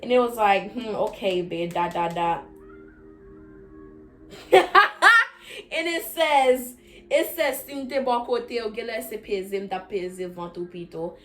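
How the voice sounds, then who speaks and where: A young woman vlogger telling a casual storytime, acting out quoted lines with big jumps in pitch and dropping into quiet low asides. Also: sing-song, takes it slowly, pauses often.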